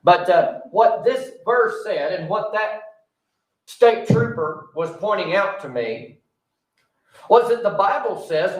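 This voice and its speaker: A man's voice: high-pitched, animated, slow. A male pastor preaching a sermon in a folksy, conversational way, telling a personal story with a joking aside. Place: church sanctuary. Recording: roomy sound from a distant mic.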